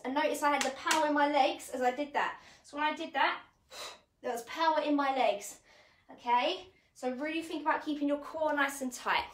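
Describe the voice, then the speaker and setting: A woman's voice: high-pitched, a bit bright, roomy sound, far from the mic. A woman coaching a live online workout class, chatty and encouraging, a bit out of breath as she demonstrates the moves. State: slightly out of breath. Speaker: fitness coach.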